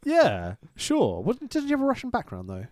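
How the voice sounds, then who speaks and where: A man's voice: extremely high pitch, wildly swooping pitch, normal speed, darkish tone, dry recording, clean studio sound. A man co-hosting a casual podcast, chatting sarcastically about old wrestling and swearing now and then. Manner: sarcastic, swearing, laughing at the show. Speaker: podcast co-host.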